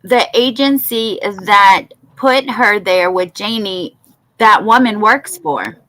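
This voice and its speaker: A woman in casual conversation about a news case, unhurried and conversational. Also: mid-range voice, sharp tone, low-quality recording. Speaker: co-host.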